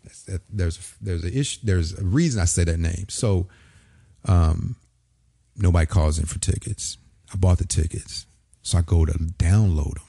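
A man from Springfield, Illinois, telling a lively story in casual talk and acting out the voices of the people in it. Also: deep voice, normal speed, gravelly, breathy edge, no room sound, studio quality. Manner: animated storyteller, acts out quoted voices. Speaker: podcast guest.

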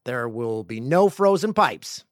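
Animated, playful man hosting a podcast. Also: mid-range voice, measured pace, no room sound, clean studio sound. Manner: playful, jokey, rambling asides; animated, swings between loud bursts and quiet mutters. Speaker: podcast host. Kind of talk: casual podcast chat, reading listener emails.

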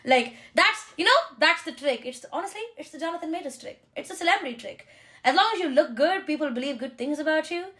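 A young woman hosting a casual pop-culture podcast, talking in an animated, sarcastic way with quick asides. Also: high-pitched. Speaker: podcast host.

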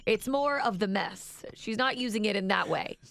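A woman in her thirties co-hosting a radio show, telling a family story in an animated way and acting out the lines she quotes. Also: medium pitch, normal speed, creaky. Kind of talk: casual storytelling chat.

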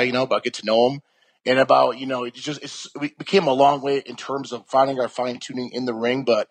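A man's voice: mid-range voice, steady tone, quick pace. A young man chatting casually as an interview guest, rambling with lots of restarts and fillers.

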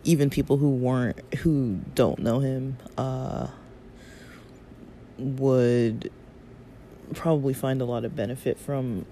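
A hoarse-voiced man speaks unhurriedly to his viewers, clearing his throat now and then. He wanders through his thoughts with plenty of ums and you-knows. A fan hums faintly behind him. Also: medium pitch, steady tone, takes it slowly, pauses often, warm tone. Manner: rambling, lots of fillers, loses his thread. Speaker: vlogger. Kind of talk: casual reflective talk to viewers. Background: faint fan hum.

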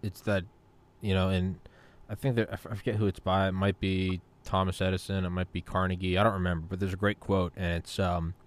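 An American man hosts a podcast in casual chat, telling profane stories and acting out quotes. His voice sits low, with a flat delivery and a slightly fast pace.

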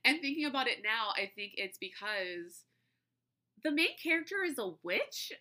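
A woman's voice: fairly high pitch, very animated, moderate pace, bright, forceful tone. A young adult woman hosting a podcast in casual chat, rambling with lots of "like" and "you know" and laughing often. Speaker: podcast host.

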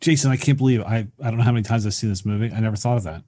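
A man's voice: fairly low pitch, very fast, warm tone. A man co-hosting a casual movie chat, agreeing often and adding bits of trivia. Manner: agreeable, adds trivia and short affirmations. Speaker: podcast co-host.

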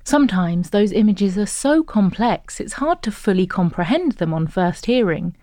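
A woman narrating an educational course in a clear, even, instructive scripted read. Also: mid-range voice, moderate pace, no echo, clean studio sound.

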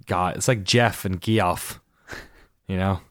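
A man's voice: deep voice, fairly even intonation, takes it slowly, fairly bright tone, dry recording. A man co-hosting a casual podcast, hesitant and full of fillers, with dry sarcastic asides. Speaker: podcast co-host. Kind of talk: casual chat.

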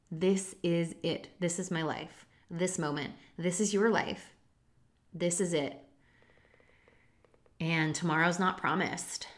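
Earnest low-voiced woman podcaster in her thirties. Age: 30s. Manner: earnest and confessional, with casual swearing. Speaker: podcast host. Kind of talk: reflective solo podcast talk.

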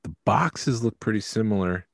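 A man co-hosting a casual podcast, talking in a very low, deep voice. He is chatty and jokey and reads figures out loud. The sound is close and dry, with no room echo. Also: lively intonation, moderate pace, vocal fry. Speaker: podcast co-host. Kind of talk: casual chat.

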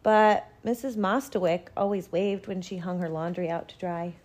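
A woman's voice: fairly low pitch, moderate pace, darkish tone, close to an everyday voice. A woman voicing a proud, homesick elderly grandmother in a storybook reading, in a lilting voice. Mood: wistful.

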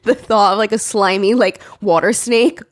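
A woman co-hosting a podcast, telling stories in casual chat and acting out the quotes in a higher voice. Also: moderate pace, no echo, clean studio sound. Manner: animated storytelling, acts out quotes in a high voice. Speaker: podcast co-host.

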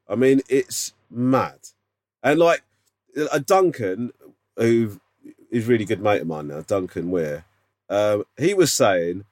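A man's voice: medium pitch, a little mellow, no echo. A man co-hosting a casual podcast chat, teasing his friend with incredulous questions. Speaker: podcast co-host.

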